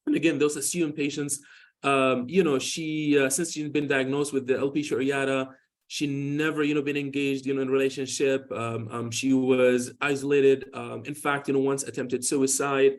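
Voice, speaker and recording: A man's voice: medium pitch, little pitch movement, normal speed. A man in his forties, a dermatologist, giving a conversational medical lecture in a loose, rambling way full of "you know" and restarts, telling patient stories. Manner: tells patient stories informally.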